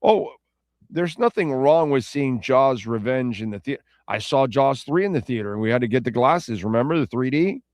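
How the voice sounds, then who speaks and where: With lively intonation and a slightly mellow, medium-pitched voice, a radio host speaks at normal speed in a dry recording. He rambles loosely through listener comments on his casual talk show, self-correcting as he chats.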